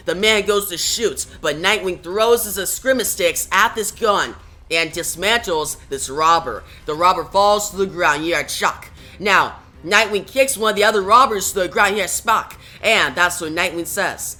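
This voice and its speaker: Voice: mid-range voice, moderate pace, bright, forceful tone. A comic book reviewer casually retelling a story, starting nearly every sentence with "now" and tossing in "right?". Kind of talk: casual comic recap narration.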